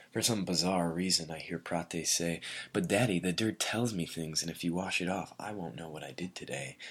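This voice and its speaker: A man reading a first-person literary story in a measured way, often sinking to a breathy near-whisper. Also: low voice, pushed and bright. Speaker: narrator.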